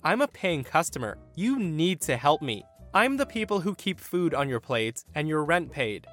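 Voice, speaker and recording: A man's voice: fairly high pitch, very animated, moderate pace, a bit bright, soft background music. A man voicing a snooty, entitled older woman shopper in a condescending tone.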